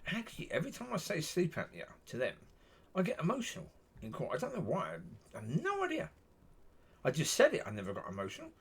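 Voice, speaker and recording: A man talking straight to camera in a loose, rambling monologue. His voice is husky, and his pitch swings widely as he circles back over the same points. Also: wildly swooping pitch, fast talker. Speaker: vlogger.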